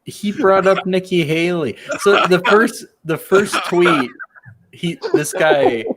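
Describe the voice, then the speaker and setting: A man's voice: high-pitched, takes it slowly, over a noisy crowd. A man chatting casually on a stream as co-host, making amused remarks and laughing.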